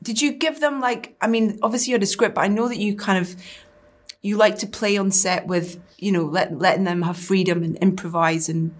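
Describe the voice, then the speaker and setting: A woman hosting a casual interview, asking halting, searching questions and laughing easily. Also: medium pitch, steady tone. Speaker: podcast host.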